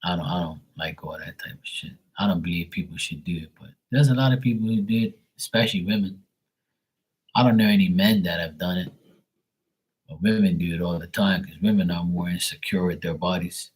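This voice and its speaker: A man's voice: deep voice, fairly quick, breathy edge. A man hosting a live stream who tells stories in a rambling, blunt, profane way. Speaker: live tarot reading host. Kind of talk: casual storytelling on a live stream.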